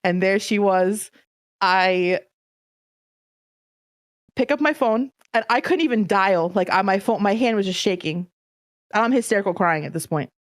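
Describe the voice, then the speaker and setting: A woman's voice: mid-range voice, unhurried, pauses often, no room sound, studio quality. A woman in casual podcast talk, telling a story with emotion and animation. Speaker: streamer guest.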